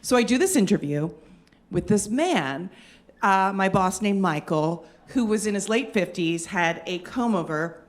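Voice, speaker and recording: A woman telling a funny personal story in an animated, self-mocking way. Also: mid-range voice, measured pace. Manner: animated, self-mocking, lots of fillers and restarts.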